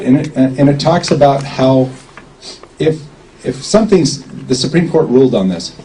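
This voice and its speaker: A man giving a loose, folksy talk to a small gathering, with a mellow, dark tone. He rambles and keeps checking in with his listeners. A faint hiss of noise runs under the recording. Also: mid-range voice, poor audio. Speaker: speaker at a public gathering. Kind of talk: informal lecture to a small crowd.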